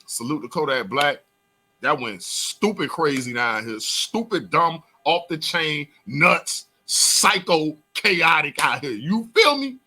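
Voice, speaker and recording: A young man with a South Florida accent hosting a talk show, hyped and loud, jumping between shouting and mumbling. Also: on the high side, sing-song, slow pace. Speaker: host.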